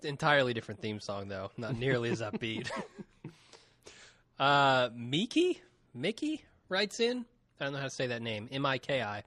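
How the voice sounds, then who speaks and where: A man's voice: medium pitch, sing-song, normal speed, a bit bright, dry recording. A man co-hosting a podcast, reading listener emails aloud in a casual chat and laughing often.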